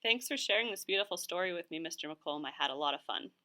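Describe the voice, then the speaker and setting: A female teacher joining a children's read-aloud, bright and playful, asking questions the way a curious pupil would. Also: lowish voice, lively intonation, fast. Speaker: teacher, guest reader.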